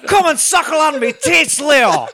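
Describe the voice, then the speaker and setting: A shrill bawdy stage actress. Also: male voice, very animated, a little slow, creaky, a crowd in the background, exaggerated voice. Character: bawdy actress in a mock Irish role.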